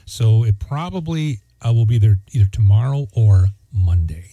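A man's voice: on the low side, animated, normal speed, few pauses, warm tone, husky, dry recording. A man hosting a morning radio show in casual, joking chat, rambling with lots of fillers.

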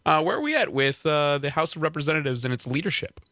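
A man co-hosting a live talk radio show, brisk and conversational as he moves the segment along. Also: a little high, sing-song, bright, forceful tone, dry recording, studio quality. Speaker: radio co-host.

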